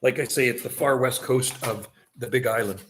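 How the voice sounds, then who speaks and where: A man's voice: mid-range voice, moderate pace, fairly bright tone, a little hiss or hum. A middle-aged man chatting casually on a livestream from a seaside vacation home, rambling and laughing often.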